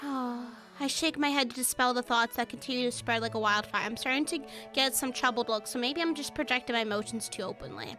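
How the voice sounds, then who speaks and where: A woman streamer reading a dating game's narration aloud in a measured tone, with profane asides. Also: fairly high pitch, sharp tone, soft background music. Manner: swears freely, reads narration in a measured tone. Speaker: gaming streamer. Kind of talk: reading a game aloud with reactions.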